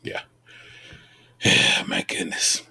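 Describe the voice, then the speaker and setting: An American man co-hosting a podcast, recapping a baking show in a playful casual chat full of slang. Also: drawn-out words. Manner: animated, playful, Southern-leaning slang like y'all. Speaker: podcast co-host.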